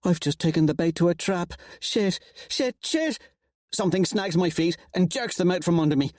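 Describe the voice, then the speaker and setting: A man narrating an audiobook with an expressive, wry first-person reading. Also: on the high side, fast, dry recording, studio quality.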